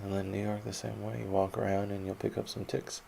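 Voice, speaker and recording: Young guy, gravelly dark voice, laid-back profane storyteller, faint noise in the background. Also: on the low side, flat delivery, brisk. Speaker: autobiographical podcaster. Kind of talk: rambling personal storytelling.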